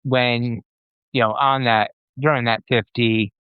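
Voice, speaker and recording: A man's voice: medium pitch, steady tone, slow, clear, resonant tone, no echo. A man co-hosting a podcast, chatting in a rambling way full of "you know" fillers. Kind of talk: casual chat. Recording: dull, dry lo-fi podcast audio.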